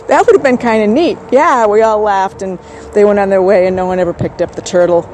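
A woman's voice: mid-range voice, a little fast, a little mellow, slight background noise, rough recording. A woman hosting a podcast, talking in a chatty, wry and rambling way. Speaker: podcast host. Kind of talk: casual solo podcast chat.

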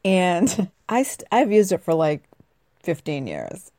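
A woman's voice: lowish voice, wildly swooping pitch, slow pace, warm tone, no echo. Middle-aged woman radio host from New England, chatty and laughing a lot, dry close sound. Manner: chatty, laughs often, acts out quoted lines. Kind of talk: casual chat.

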